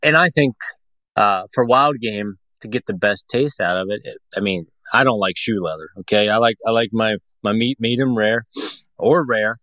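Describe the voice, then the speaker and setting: A man's voice: fairly low pitch, moderate pace, sharp tone, dry recording. A man from the Pacific Northwest chatting casually as a podcast guest, rambling with lots of fillers and restarts. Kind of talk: casual chat.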